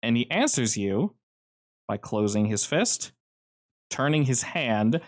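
A man running a tabletop game as game master, his mid-range voice unhurried and measured. He paints scenes with ominous, deliberate narration. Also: mid-range voice, very animated. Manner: slow, ominous descriptive narration.

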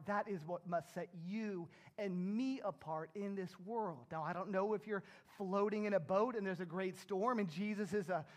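High-voiced man preaching earnestly. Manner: earnest, emphatic preaching with surging rises. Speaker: pastor. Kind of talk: sermon.

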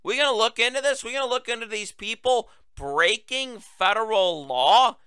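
A man's voice: extremely high pitch, normal speed, sharp tone, smooth, no echo. Sarcastic male political commentary host. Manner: sarcastic, mocking asides.

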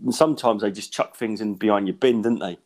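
A man's voice: on the low side, quick pace, a little mellow. A man, a stand-up comedian, telling a story in a rambling way, short of breath and coughing, full of restarts and giggles. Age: adult with young kids. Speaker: stand-up comedian and podcast host. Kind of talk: casual storytelling chat.

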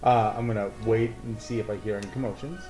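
A man's voice: on the low side, steady tone, quick pace, warm tone, soft background music. A man playing in a tabletop game, talking eagerly and playfully with fillers. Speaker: player. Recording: roomy room.

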